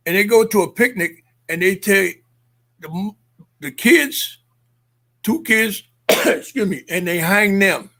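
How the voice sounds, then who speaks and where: High, gravelly older man telling stories. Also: bright, forceful tone. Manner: emphatic, checks in with 'Okay?' and 'Understand?'. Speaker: guest, activist and former Olympian. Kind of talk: impassioned storytelling.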